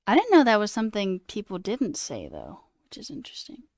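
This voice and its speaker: A woman's voice: medium pitch, wildly swooping pitch, a little fast, a little mellow, dry recording, clean studio sound. A woman streamer chatting casually with her viewers, trailing off and answering chat as she goes. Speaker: coding livestreamer.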